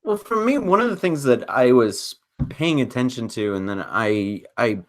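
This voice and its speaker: A man on a podcast panel talking thoughtfully, halting with many fillers and now and then sarcastic. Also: medium pitch, expressive. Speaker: podcast co-host. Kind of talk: casual roundtable discussion.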